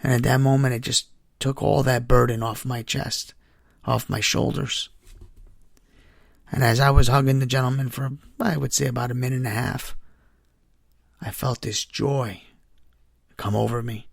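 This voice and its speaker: A man's voice: mid-range voice, fairly even intonation, normal speed, gravelly, pauses often, dry recording, clean studio sound. A man hosting a faith podcast, sharing a personal testimony in an earnest, heartfelt way. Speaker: podcast host.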